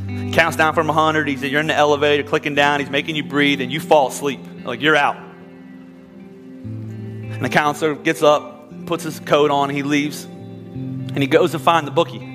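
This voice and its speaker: A man's voice: a little high, level tone, moderate pace, long pauses. A man preaching a sermon as pastor, telling a story with rising emphasis. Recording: reverberant hall with soft music.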